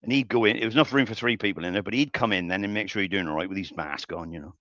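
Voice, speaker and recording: A man's voice: fairly low pitch, rapid-fire, fairly bright tone, no echo. An older man hosts a live woodturning stream, rambling through workshop anecdotes with chuckles and frequent restarts. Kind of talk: casual storytelling while working. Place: home workshop. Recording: dull lo-fi stream audio.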